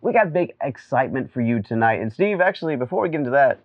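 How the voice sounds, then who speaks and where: A man's voice: mid-range voice, animated, quick pace, no room sound, lo-fi sound. A man hosting a wrestling show from the studio, upbeat and full of joking banter. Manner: jokey, upbeat. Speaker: show host. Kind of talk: comedic studio host banter.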